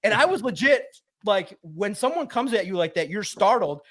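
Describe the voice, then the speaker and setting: A high-energy man, a sports writer guest, telling a lively story and acting out the voices in it. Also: moderate pace, a crowd in the background. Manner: high-energy, acts out quotes loudly. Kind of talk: animated storytelling.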